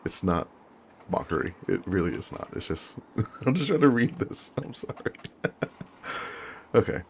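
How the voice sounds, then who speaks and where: Brief: a low-voiced man narrating a war game, deliberate reading, gravelly texture. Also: big pitch swings, slight background noise. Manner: slow, deliberate reading, apologetic chatty asides. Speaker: gamer. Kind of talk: reading a story game aloud with asides.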